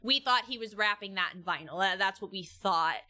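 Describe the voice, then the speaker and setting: A woman's voice: medium pitch, fairly quick, pushed and bright. A young adult woman telling a story in casual chat, rambling with many restarts and laughs. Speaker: vlogger.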